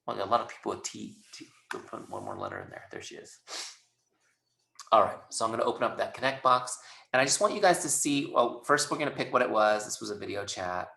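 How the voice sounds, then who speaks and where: A man's voice: on the low side, very animated, quick pace, creaky, bright, forceful tone, reverberant. Chatty man training a sales team. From Southern California. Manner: chatty, acts out both sides of conversations. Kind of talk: webinar training talk.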